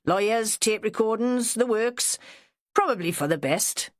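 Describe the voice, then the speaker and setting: A woman's voice: on the high side, lively intonation, a little slow, no echo, studio quality, pitched above the performer's own voice. A woman voicing a blunt, plain-spoken middle-aged female detective. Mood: matter-of-fact.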